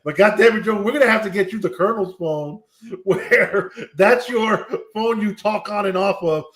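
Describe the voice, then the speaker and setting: A man's voice: sits high, moderate pace, fairly bright tone. A man in casual chat on a live stream, talking in a blunt, reassuring and profane way.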